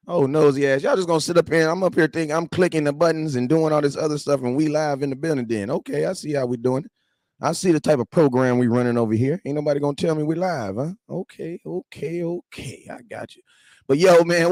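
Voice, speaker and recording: A man's voice: a little high, a little mellow, dry recording. A man in his thirties hosting a casual livestream fan show, joking and bantering with viewers in slangy, repetitive talk.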